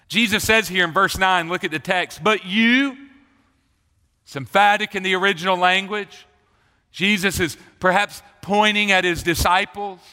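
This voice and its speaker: High, bright-voiced preaching man. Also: clear, resonant tone. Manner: emphatic preaching, repeating key phrases. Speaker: pastor. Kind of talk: sermon. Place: church sanctuary. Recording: long reverb of a church hall.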